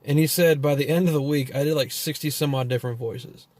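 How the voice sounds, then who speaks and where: A Texan man with a Texan accent delivers a rambling storytelling monologue, loose and profane, packed with fillers and trailing thoughts. His voice is on the high side and darkish, steady in tone, and quick.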